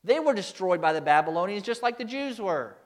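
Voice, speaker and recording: A man's voice: high-pitched, very animated, brisk. A male pastor delivering a sermon with emphasis, putting rhetorical questions to his congregation.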